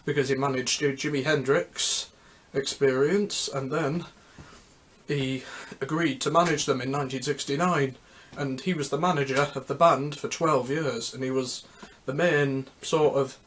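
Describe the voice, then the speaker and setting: A man hosting a music history video, talking casually and unscripted, rambling and halting with many restarts. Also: mid-range voice, steady tone, fairly bright tone, a little hiss or hum.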